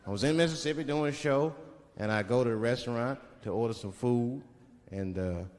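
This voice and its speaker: A man performing an animated, profane stand-up comedy routine on a large stage, acting out voices. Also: medium pitch, brisk. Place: large theater stage with live audience. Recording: reverberant hall, loud crowd laughter.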